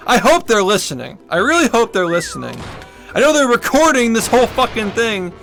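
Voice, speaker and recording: A man's voice: very high-pitched, very animated, a little fast, creaky, a bit bright, faint music behind. A man streaming from home, ranting angrily and swearing a lot at the people who harass him. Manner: angry, profane ranting. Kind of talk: livestream rant.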